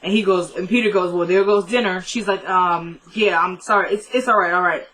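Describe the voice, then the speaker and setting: A woman's voice: lowish voice, steady tone, fairly bright tone, rough recording. Chatty woman recapping a TV episode. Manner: retells scenes in rapid "he goes, she goes" quotes; chatty, asides to viewers.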